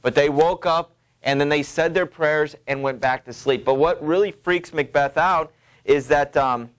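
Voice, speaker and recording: A middle-aged male literature teacher lectures his class in a loose, conversational way. He leans on ums and you knows as he explains, and his voice sits a little higher than most men's. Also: moderate pace, smooth. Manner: casual, filler-heavy explaining with many ums and you knows. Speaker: high school literature teacher.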